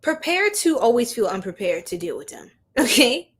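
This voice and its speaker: A woman's voice: a little high, big pitch swings, normal speed, husky. A young woman giving a chatty live-stream tarot reading, laughing often and talking straight to her viewers in slang. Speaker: tarot reader.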